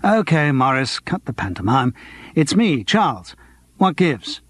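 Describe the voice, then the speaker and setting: A dry-witted, evasive actor, as a male narrator puts him on, a little raised in pitch, with lively inflection. He speaks in an audiobook reading. The husky voice is recorded close and dry. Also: a little slow, no echo. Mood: wry.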